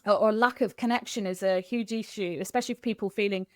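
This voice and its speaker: A middle-aged woman from Kent, a guest in a candid podcast interview, telling stories in an animated, expressive way. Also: mid-range voice, fast, no room sound, studio quality. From Kent, England.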